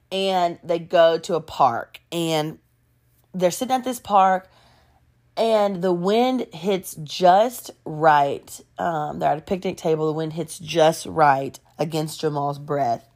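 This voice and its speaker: A woman telling a gossipy story in casual storytime style, animated and laughing along. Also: fairly low pitch, slow pace.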